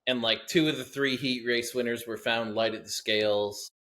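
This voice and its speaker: A man co-hosting a podcast, chiming in with relaxed, matter-of-fact comments. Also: mid-range voice, moderate pace. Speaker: podcast co-host. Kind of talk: casual podcast chat.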